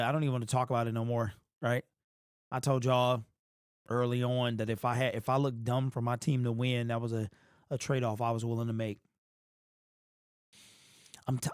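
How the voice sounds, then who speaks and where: A man hosting a sports fan livestream, tired and emotional, his frustrated talk rising into shouted rants. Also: mid-range voice, flat delivery, fairly quick, smooth, dry recording, clean studio sound.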